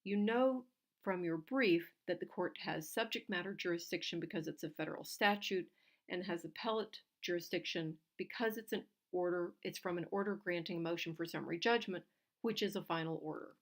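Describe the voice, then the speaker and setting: A woman, a legal writing instructor, giving clear, direct numbered tips on oral argument. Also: fairly low pitch, brisk.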